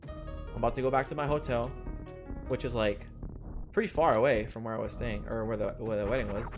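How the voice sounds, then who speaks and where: A man's voice: medium pitch, steady tone, a little fast. A young man streaming a game from home, telling a long story in a rambling, casual way, full of "like" fillers and chuckles. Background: game music.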